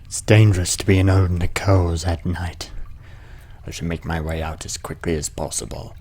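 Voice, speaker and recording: A man voicing a game playthrough, reading the lead's lines calmly in his own voice and commenting between scenes. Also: deep voice, normal speed. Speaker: game voice-over player. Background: game music.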